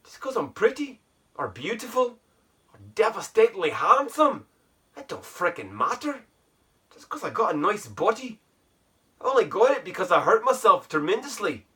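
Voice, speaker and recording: A man's voice: high voice, very animated, normal speed, pushed and bright, far from the mic. A man vlogging while sitting in an ice bath at home, musing aloud in a rambling, self-mocking way with a put-on Irish brogue. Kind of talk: casual reflective monologue.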